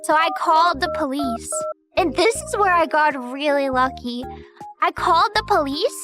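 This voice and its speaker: A woman's voice: sits high, expressive, moderate pace, over music. A young woman streamer telling stories in casual chat, giggling often as she talks. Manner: giggly, laughs often while talking.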